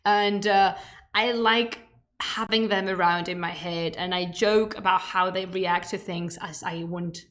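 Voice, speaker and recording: Speaking at a measured pace, this woman has a lowish, fairly bright voice with fairly even intonation. Spanish is her first language, and as a streamer she jokes around in casual chat before a history lecture, drifting into emphatic tangents.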